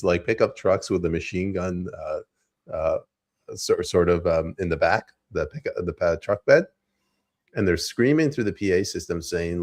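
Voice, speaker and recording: A man co-hosting a podcast, chatting casually about politics and acting out quotes as he tells stories. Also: low-pitched. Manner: animated storyteller, acts out quotes. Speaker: podcast co-host.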